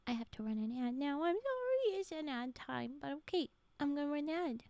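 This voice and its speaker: A woman chatting on her live stream between stories, rambling and giggly, often slipping into soft whispers. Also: high-pitched, animated, fairly quick, no echo. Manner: giggly, gushing. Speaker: streamer and story reader. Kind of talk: casual live-stream chat.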